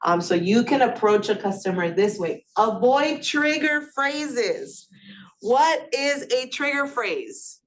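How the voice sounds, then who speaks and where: A woman's voice: a little high, lively intonation, slow pace. A woman instructor giving a classroom lecture in a conversational way, often putting questions to her students.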